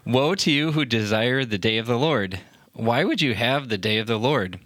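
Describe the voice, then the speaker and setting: A man's voice: medium pitch, animated, normal speed, fairly bright tone, dry recording. A man hosting a pastors' podcast, chatting casually and reading scripture aloud in an easygoing way.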